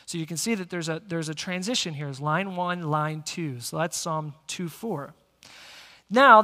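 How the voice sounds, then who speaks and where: A male pastor preaching a sermon, energetic and speaking directly to the congregation in a church sanctuary. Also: high-pitched. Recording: long church hall reverb.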